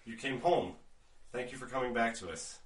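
A man's voice: medium pitch, moderate pace, echoey room, far from the mic, a little hiss or hum, close to an everyday voice. A man voicing a wounded town governor in his sixties who pleads earnestly for help. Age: 60s.

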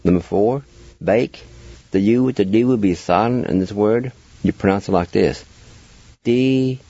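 A man on a radio show slowly teaching spelling and pronunciation, patiently spelling words out letter by letter and repeating each word. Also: fairly low pitch, mellow, slightly rough, no room sound, highs cut off. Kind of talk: slow spelling and pronunciation lesson.

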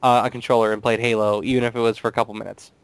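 A man's voice: mid-range voice, level tone, very fast, smooth, no echo. A young man co-hosting a casual gaming podcast, talking in a dry, hesitant way with many ums. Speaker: podcast co-host. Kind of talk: casual chat.

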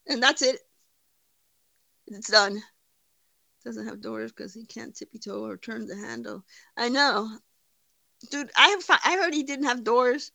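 Blunt, mocking woman streamer, bright voice. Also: a little high, unhurried, creaky, long pauses, dry recording. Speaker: livestream host. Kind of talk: casual commentary.

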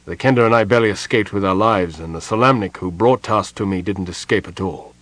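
A man voicing a weary, guarded middle-aged husband who speaks in an earnest, measured way. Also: sits low, a bit bright, dry recording.

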